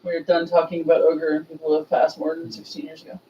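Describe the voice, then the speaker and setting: Animated woman storyteller, distant dull audio. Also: low-pitched, quick pace, slight background noise. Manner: animated, acts out quoted voices, laughs often. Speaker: ritual leader and storyteller. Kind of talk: casual storytelling.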